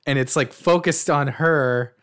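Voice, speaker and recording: Excitable young man reviewing a movie. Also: on the high side, measured pace. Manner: animated, swearing, retells scenes with quoted lines. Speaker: podcast co-host. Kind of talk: casual movie review chat.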